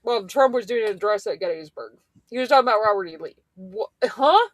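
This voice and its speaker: A woman's voice: medium pitch, animated, brisk, no echo. A woman co-hosting a casual political talk show, laughing in disbelief as she talks. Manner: laughing, incredulous. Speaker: podcast co-host.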